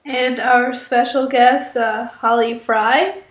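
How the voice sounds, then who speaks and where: A woman's voice: on the high side, steady tone, takes it slowly, roomy sound. A teenage girl co-hosting, stuffy from a cold, talking hesitantly with lots of fillers and giggles. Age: teens. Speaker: co-host. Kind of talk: casual interview chat.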